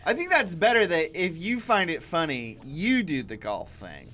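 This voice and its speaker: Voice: medium pitch, big pitch swings, moderate pace, fairly bright tone. A producer chiming in on a gaming livestream, tired and wry in casual banter. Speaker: show producer.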